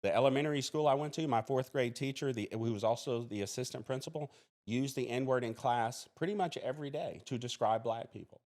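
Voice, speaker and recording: A man's voice: mid-range voice, a little fast, darkish tone. A man in his forties from Mississippi, a podcast guest who speaks earnestly and plainly, often restarting his sentences. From Mississippi, USA. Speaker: podcast guest, criminology professor and police officer. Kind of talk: interview storytelling.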